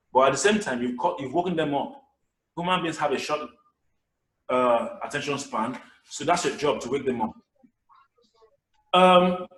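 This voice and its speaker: A man giving a lively public speaking lesson in a webinar, swinging between loud bursts and whispers. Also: a little high. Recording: echoey room, somewhat distant mic.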